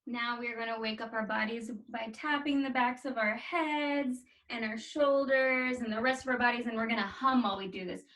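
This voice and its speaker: A woman teaching artist leading a warm-up with energetic, encouraging cues. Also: a little high, normal speed, hardly any pauses, recorded from a distance, poor audio. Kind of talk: guiding a movement warm-up.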